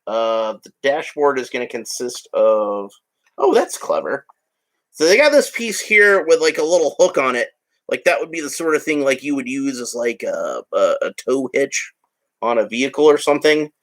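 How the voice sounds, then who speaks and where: A man's voice: mid-range voice, sing-song, normal speed. A man narrating a toy build in a casual, rambling way with joking asides. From United States. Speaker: hobby vlogger.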